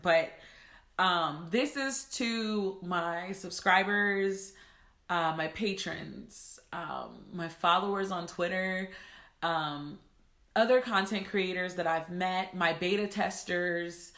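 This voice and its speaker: Woman, bright clear tone, casual vlog chat, emotional and proud, echoey room. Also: mid-range voice. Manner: emotional, laughing, fighting tears. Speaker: planner maker and content creator. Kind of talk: casual vlog talk to viewers.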